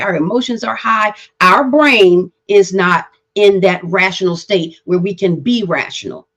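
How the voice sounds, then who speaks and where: A woman hosting a live talk on mental health, explaining to parents and often checking in with "right?". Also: lowish voice. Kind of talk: live-streamed teaching talk. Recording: dull lo-fi stream audio.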